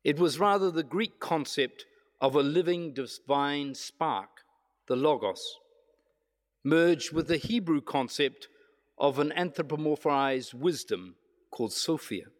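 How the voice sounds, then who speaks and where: A man preaching a reflective sermon, measured, slowing down for emphasis. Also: a little high, animated. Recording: long hall reverb.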